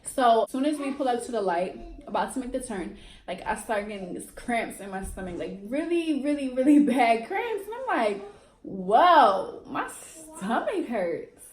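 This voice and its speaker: A woman's voice: on the high side, sing-song, normal speed, a little mellow, reverberant. A young woman vlogger, telling a dramatic storytime and acting out what people said. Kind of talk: storytime vlog.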